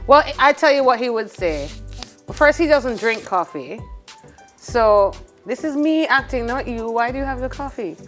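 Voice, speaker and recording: Giggly high Jamaican woman teasing. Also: lively intonation, moderate pace, faint music behind. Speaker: TV morning show co-host. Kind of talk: playful studio banter.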